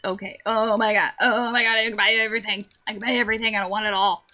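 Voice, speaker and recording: A woman's voice: mid-range voice, steady tone, racing, hardly any pauses, bright, forceful tone. A woman from the Southern US chatting casually as she streams a game, giggly and rambling.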